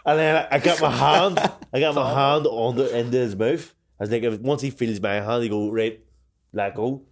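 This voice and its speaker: A man's voice: medium pitch, steady tone, normal speed. A man co-hosting a casual chat, swearing freely and laughing through his stories. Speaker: podcast co-host.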